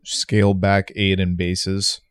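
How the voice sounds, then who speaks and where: A man's voice: deep voice, monotone, takes it slowly, smooth, no room sound. A man in a casual podcast chat, matter-of-fact and playing the skeptic.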